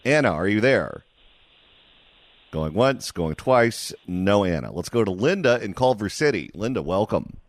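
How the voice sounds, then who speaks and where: A man hosting a call-in radio talk show, jokey and quick to move between callers. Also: fairly low pitch, sing-song, slight background noise. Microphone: studio mic.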